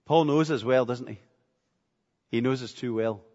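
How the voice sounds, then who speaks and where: A man's voice: medium pitch, moderate pace, darkish tone. A man preaching a sermon with earnestness, repeating phrases for emphasis. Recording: echoey hall, dull lo-fi sound.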